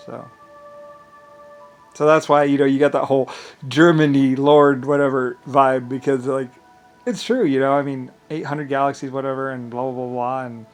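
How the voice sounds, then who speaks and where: A man vlogging in a rambling, profane monologue, full of grand claims and frequent laughter. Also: medium pitch.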